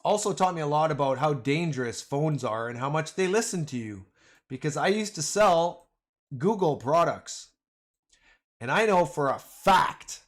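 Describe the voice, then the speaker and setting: A man hosting a casual livestream, rambling and joking, often calling his viewers "man" and "boys". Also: a little high. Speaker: livestream host.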